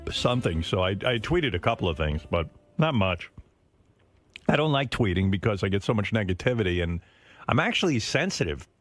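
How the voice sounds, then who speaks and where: A middle-aged man hosting a radio show, telling a long rambling story in casual studio chat and acting out the people he quotes. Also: sits low. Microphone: studio microphone.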